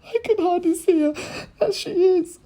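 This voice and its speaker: Man doing a shrill, panicky mother in falsetto. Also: moderate pace, warm tone. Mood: frantic. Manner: wailing, frantic, high-pitched cries. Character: shrieking panicky middle-aged mother, fussing.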